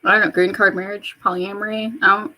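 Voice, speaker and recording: A woman in her mid-twenties chatting casually while getting ready in her bedroom, rambling and swearing, with sudden high excited jumps in pitch. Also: fast talker, slight background noise. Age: mid-20s. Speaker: vlogger. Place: bedroom at home.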